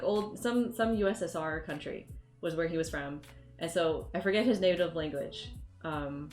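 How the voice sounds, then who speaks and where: Lowish-voiced woman streamer just chatting, laughs a lot, roomy room with faint music behind. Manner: rambling, laughs often, animated storytelling. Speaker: livestreamer. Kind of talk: casual chat with viewers.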